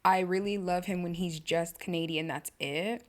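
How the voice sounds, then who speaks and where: A young woman hosting a casual solo podcast, rambling and cutting herself off, with lots of slang and sudden bursts of excitement. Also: on the low side, normal speed. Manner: rambling, self-interrupting, slangy and animated. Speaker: podcast host.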